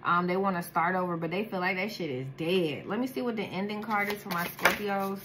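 The recording is very noisy as this tarot reader, an adult woman with a daughter, talks fairly quickly in a lowish voice. She's casual and blunt, using heavy slang and profanity.

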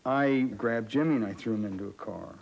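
A man's voice: fairly low pitch, brisk, gravelly, a little mellow, low-quality recording. A man reminiscing in an interview, reflective and slipping into the voices of people he quotes. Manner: reflective, acts out quotes of others.

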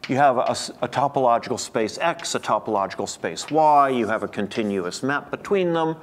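A man's voice: medium pitch, lively intonation, normal speed. A middle-aged man giving an academic seminar lecture, thoughtful and digressive, often restarting his sentences. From United States.

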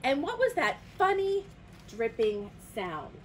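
A woman voicing a curious, friendly little frog in a picture-book reading, in a squeaky voice. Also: big pitch swings, takes it slowly, slight background noise, heavily acted. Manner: squeaky, bright storybook voice.

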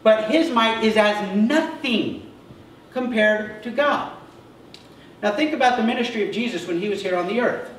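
High-voiced pastor in an echoey church. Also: male voice, moderate pace, fairly bright tone. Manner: conversational preaching, often checks in with a short "okay?". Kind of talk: sermon. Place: church sanctuary. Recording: echoey church sound heard from a distance with faint noise.

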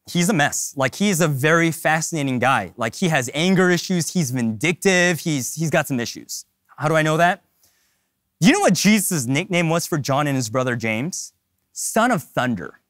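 A male pastor preaching a sermon in an animated, humorous and emphatic way. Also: fairly high pitch, dry recording, studio quality.

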